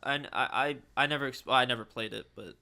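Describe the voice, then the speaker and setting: A man's voice: mid-range voice, quick pace, creaky. A young man co-hosting a podcast in casual chat, laughing often and acting out quotes as he tells stories. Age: young adult. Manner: laughs often, animated storytelling with acted-out quotes. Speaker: podcast co-host.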